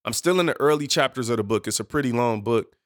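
A man's voice: mid-range voice, animated, quick pace, dry recording, studio quality. A man hosting his own podcast, talking casually on his own, rambling and correcting himself with playful asides. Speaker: podcast host. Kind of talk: casual solo podcast talk.

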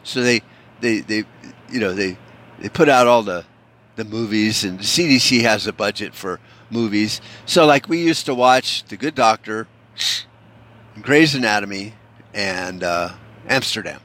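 A man's voice: fairly low pitch, a little slow, a bit bright. A man from the United States in a casual, profane rant, rambling and sarcastic, with frequent swearing and restarts.

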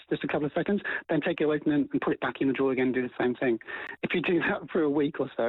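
A man giving dog training advice as a guest on a radio show, animated and full of fillers and restarts. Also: medium pitch, breathy edge, no room sound, phone-quality sound.

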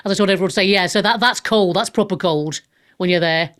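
A woman's voice: medium pitch, quick pace, fairly bright tone. A woman hosting a live radio talk show, chatting frankly with callers and reading the chat, with frequent restarts and blunt language.

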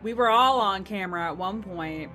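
Brief: woman player, mid-pitched, hesitant, faint music behind. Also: moderate pace. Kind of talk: casual tabletop play.

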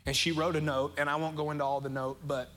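A middle-aged American pastor delivers a heartfelt sermon, his voice bright and forward. He is earnest and emotional, easing off to a slow, quiet delivery on the lines that matter most. Soft music plays faintly under him. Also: a little high, flat delivery. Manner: emotional, earnest, speeds up and slows down for emphasis.

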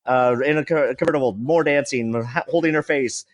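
Brief: male comedy regular, frantic play-by-play, stammering, exasperated. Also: medium pitch. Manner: rushed, stammering, exasperated, swears and laughs. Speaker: show regular. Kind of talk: frantic live description of a music video.

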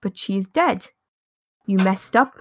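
A woman voicing a stern, booming ancient male divine being who scolds and commands. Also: lively intonation, measured pace, slightly rough.

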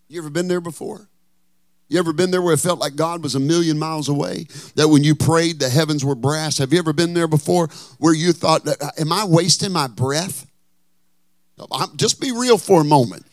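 A man's voice: fairly high pitch, moderate pace, no room sound. A man preaching a sermon as pastor, impassioned, with a chanted, singsong cadence.

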